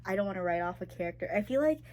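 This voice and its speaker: A young woman talking casually in a reading reaction vlog, emotional and gushing, with quick bursts of outrage. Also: mid-range voice, animated, darkish tone, a little hiss or hum. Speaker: book vlogger.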